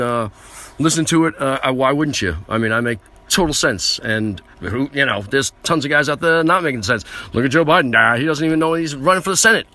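This man from the United States has a medium-pitched, sharp-toned voice and hosts his own podcast out of a small vehicle serving as a mobile studio. He delivers a rambling, comedic rant that's brash, boastful and self-aggrandizing.

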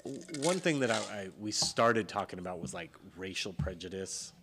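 A man with a Californian accent, hosting a podcast in casual, relaxed chat and joking along. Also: lowish voice, normal speed, a little hiss or hum. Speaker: podcast host.

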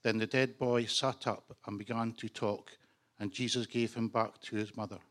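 A man from the congregation reading a Bible passage aloud in a steady read-aloud manner. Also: on the low side, normal speed. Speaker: congregation member reading scripture.

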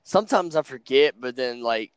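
Smooth-voiced young man reminiscing. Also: medium pitch, expressive, normal speed, no echo. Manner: easygoing, self-mocking storyteller. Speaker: podcast guest. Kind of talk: casual chat.

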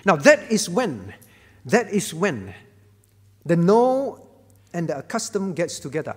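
A man's voice: sits high, very animated, measured pace, pauses often, slightly rough, in a large hall. A man preaching a sermon, stressing key words by repeating them and asking rhetorical questions. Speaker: pastor.

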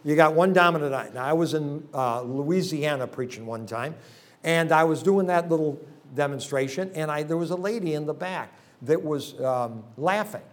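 A man's voice: on the high side, moderate pace. A man preaching a revival sermon to a congregation in a church, telling folksy jokes and leading the audience through a hands-on exercise. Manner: folksy, joking storyteller. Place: church service.

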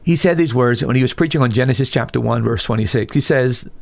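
A man who is a pastor talking on a radio discussion, emphatic and rising sharply in pitch when he quotes other preachers. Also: fast talker, creaky. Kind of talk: radio talk show discussion.

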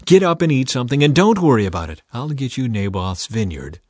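A man reading the lines of a scheming, proud queen in a demanding, brisk way. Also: mid-range voice, expressive, darkish tone, no room sound, studio quality, lightly acted. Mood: scornful.

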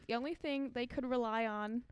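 A woman's voice: fairly high pitch, fairly quick, clean tone, muffled recording. A woman co-hosting a casual podcast, reading a creepy story aloud with fillers and frequent laughs.

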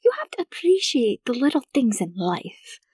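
A woman voicing a cheerful, quirky middle-aged mom in a squeaky, high, bubbly voice. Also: big pitch swings, normal speed, a little mellow, slightly rough, dry recording. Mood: cheery.

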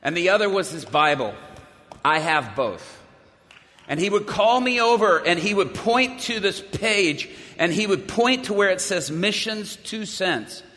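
Man, preacher, sermon storytelling, dramatic, hushed near-whisper moments, long hall reverb. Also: sits high, animated, a little slow. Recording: echoey hall.

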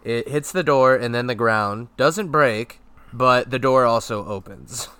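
A man's voice: mid-range voice, measured pace, fairly bright tone, clear, resonant tone, dry recording. A man on a podcast chatting and joking while recapping a cartoon episode. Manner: chatty, amused. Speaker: podcast co-host.

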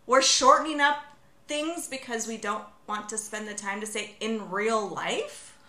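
A woman's voice: fairly high pitch, a little slow, pushed and bright, roomy sound. A woman in her thirties co-hosting a podcast in casual chat, giggly and chatty with lots of filler. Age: 30s. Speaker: podcast co-host.

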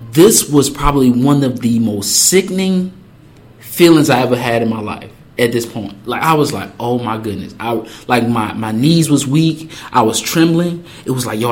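A young man casually telling a personal story, acting out the quoted lines in lively voices. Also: mid-range voice. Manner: animated, acts out quotes with voices.

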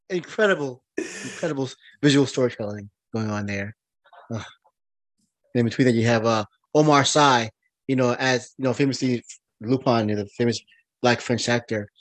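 A man co-hosting a casual movie podcast, excitable and rambling, with many fillers, restarts and laughs. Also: medium pitch, normal speed, long pauses, no room sound. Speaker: podcast co-host.

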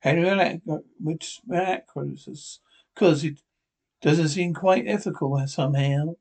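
A skeptical middle-aged friend in a 1950s radio drama who keeps questioning what he is told. His fairly high voice has a husky grain. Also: a little slow, a little mellow, exaggerated voice. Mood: incredulous. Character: doubtful middle-aged male friend, startled and curious.

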